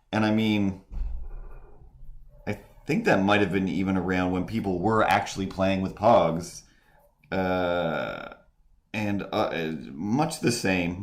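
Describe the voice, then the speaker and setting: A low-voiced man, a streamer and host, rambles through casual stream chat. He halts, restarts often, uses lots of fillers, and mimics voices in quoted asides.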